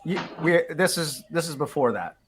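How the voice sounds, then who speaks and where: A man's voice: fairly high pitch, animated, moderate pace, a little hiss or hum. Rambling man running a tabletop game. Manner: rambling, full of fillers and restarts. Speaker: game master.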